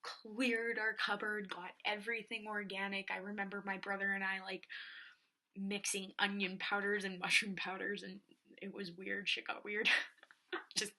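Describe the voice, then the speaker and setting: A young woman telling a personal story in a soft, often whispery voice, with many filler words. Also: medium pitch, flat delivery, unhurried. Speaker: vlogger.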